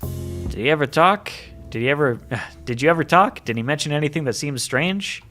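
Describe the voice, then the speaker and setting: A man's voice: on the high side, expressive, moderate pace, bright, forceful tone, soft background music. A man as a dry animal detective. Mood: questioning. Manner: dry, questioning.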